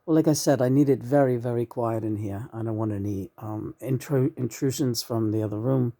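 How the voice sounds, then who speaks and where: A woman channeling the spirit of a late male musician, speaking in a hushed, slow way full of halting fillers. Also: rumbling low, pitched below the performer's own voice. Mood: solemn.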